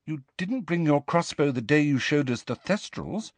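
A man voicing a clever, curious and somewhat timid schoolgirl who asks quick, anxious questions. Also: a little high, wildly swooping pitch, slightly rough, no room sound, voice pushed up, exaggerated voice. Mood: questioning.

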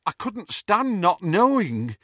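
A young witch speaks in an anguished, restless way, her voice lifted high. The delivery stays lively and bright, with a man acting her out for an audiobook. The sound is dry and close. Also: takes it slowly, no room sound, full character voice. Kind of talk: audiobook character voice.

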